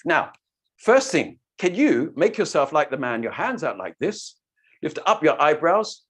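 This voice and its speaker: A storytelling teacher leading an online workshop, demonstrating voices and mouth shapes with animated delivery. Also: medium pitch.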